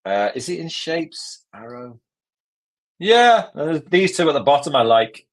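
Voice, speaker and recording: A man hosting a live software lesson, walking through steps in a chatty, joking way. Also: a little high, big pitch swings, unhurried. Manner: chatty, jokey, step-by-step. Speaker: tutorial host.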